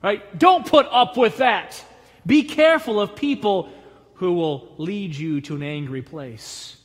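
A male pastor preaching a sermon, rising to loud emphatic calls and dropping low, and acting out the voices of people in his stories. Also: slow pace, big-room sound. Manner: acts out voices in stories with a laugh. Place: church sanctuary.

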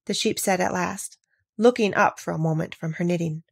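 A woman reading a classic children's storybook aloud with expressive, animated narration. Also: lowish voice, brisk, creaky, no room sound, clean studio sound. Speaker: audiobook narrator.

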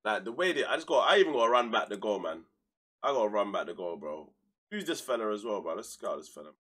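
Fast and sing-song, his fairly low, fairly bright voice carries a young man's slang-heavy live stream commentary on his football manager game. He swings from heated outbursts down to mutters.

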